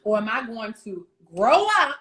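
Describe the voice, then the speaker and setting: A woman relationship coach talking in a casual chat, animated and quick to laugh, acting out little quoted scenes. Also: a little high. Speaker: wife coach, guest. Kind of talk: casual chat on a virtual show.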